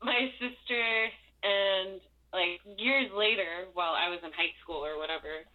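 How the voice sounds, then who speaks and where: A woman's voice: fairly low pitch, measured pace. A young woman from Southern California, the guest in a casual interview, rambling, swearing and laughing often. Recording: tinny phone-like line.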